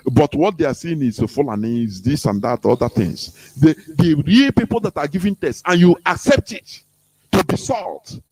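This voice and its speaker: Animated Nigerian man preaching on radio. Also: mid-range voice, slight background noise. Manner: preachy, emphatic, laughs between points. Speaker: radio host. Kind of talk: impassioned radio talk.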